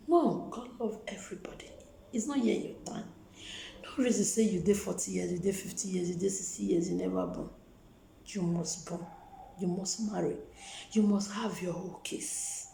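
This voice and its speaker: A woman with a Nigerian accent speaks straight to her viewers in a low, warm, gravelly voice. She talks with emphatic repetition, stacking one phrase on the next to drive her point home. The sound carries the echo of a reverberant room. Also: normal speed, slight background noise. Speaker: vlogger. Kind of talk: testimony and encouragement to viewers.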